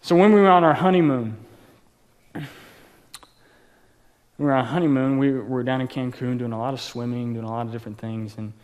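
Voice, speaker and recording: A man's voice: medium pitch, normal speed, pauses often, darkish tone. A man preaching a sermon as pastor at a live church service, casual and joking as he tells personal stories. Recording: long reverb of a large church hall.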